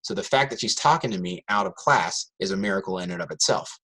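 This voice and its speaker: A man, a high school math teacher, telling a classroom story to an audience and acting out his students' voices. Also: fast, slightly rough. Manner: animated, acts out students' voices in quotes.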